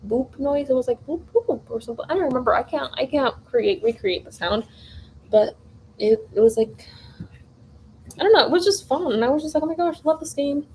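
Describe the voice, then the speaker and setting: A young woman chats while she bakes in her kitchen, voice soft and mellow and a touch high, and she wanders through her story with filler words and restarts. There is a faint hiss under her voice. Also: fairly quick, rough recording. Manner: rambling, animated, lots of fillers and restarts. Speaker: vlogger. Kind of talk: casual storytelling while baking. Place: home kitchen.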